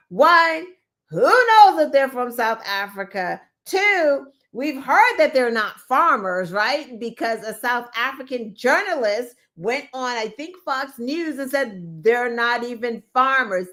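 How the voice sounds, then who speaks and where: Sarcastic woman host, slow and pointed. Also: fairly high pitch, fairly bright tone. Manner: opinionated, sarcastic, mimics people she talks about. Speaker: podcast host. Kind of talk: casual political commentary.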